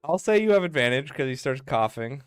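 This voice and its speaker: A man's voice: medium pitch, expressive, a little fast, clean tone, no room sound, faint music behind. A man acting as game master, narrating a tabletop game in a laid-back way with lots of fillers and chuckles.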